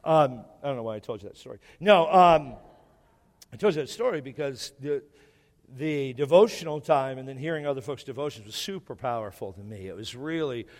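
A man's voice: medium pitch, fairly quick. A male pastor preaching a sermon in a church hall, repeating key phrases and putting questions to the congregation. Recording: echoey hall.

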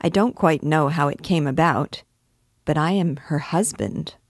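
An earnest, wordy young poet, gallant and pleading, read by a woman in her own low voice. He talks a great deal and wheedles politely. The sound is close and dry, with no room around it. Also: measured pace, no echo. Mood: musing.

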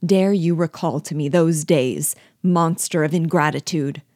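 A woman reading aloud the lines of a jealous, angry young man, her voice raised and forceful. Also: low voice, moderate pace, no room sound, studio quality. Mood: furious.

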